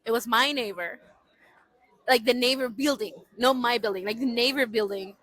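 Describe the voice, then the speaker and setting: A woman in her thirties with a fairly high voice tells a story as a podcast guest. Her talk is animated and loose, full of repeats and non-native grammar, and she laughs often. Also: normal speed, soft background music, rough recording. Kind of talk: casual storytelling.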